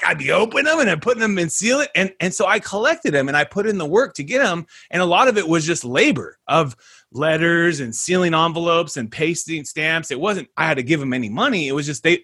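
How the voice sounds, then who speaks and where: A man hosting a casual podcast, energetic and slangy, calling listeners dude and guys. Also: fairly high pitch, slightly rough. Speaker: podcast host.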